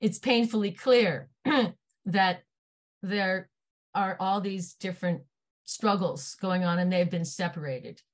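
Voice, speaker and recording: A woman's voice: mid-range voice, takes it slowly. A woman hosting an online meeting discussion, earnest and a little hesitant, with light laughs. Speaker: meeting host.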